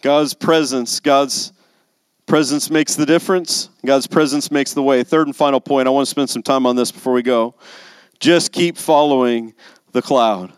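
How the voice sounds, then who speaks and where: A man's voice: mid-range voice, steady tone, normal speed, smooth, no echo. A man preaching a sermon as pastor, building to emphatic, intense passages. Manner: rising to emphatic intensity on key lines.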